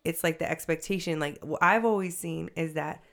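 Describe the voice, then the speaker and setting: A woman's voice: sits low, moderate pace, gravelly, fairly bright tone. A woman interviewing a guest, attentive with short encouraging replies. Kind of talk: casual interview.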